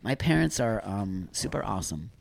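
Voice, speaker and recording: A man's voice: on the low side, very animated, moderate pace, vocal fry, no echo. A man talking openly and with feeling as a podcast guest, telling personal stories and backing up the hosts. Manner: emotional, open, affirming. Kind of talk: candid podcast storytelling.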